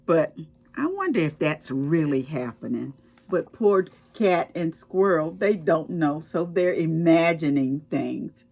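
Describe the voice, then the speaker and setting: A woman reads a picture book to preschoolers, taking her time and pausing to explain. Her voice sits fairly low but swings widely up and down as she tells the story. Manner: expressive, slow and explaining to children. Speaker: children's storytime reader.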